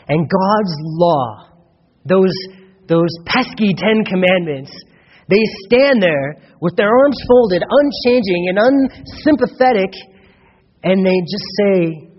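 A man's voice: high voice, expressive, slow. A man preaching a sermon in a church hall in an earnest way, acting out the voices he quotes. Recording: dull, lo-fi recording in an echoey hall.

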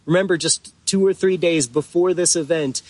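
A man preaching a sermon as pastor, earnest and deliberate, with drawn-out pauses for emphasis. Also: on the high side, darkish tone, no echo.

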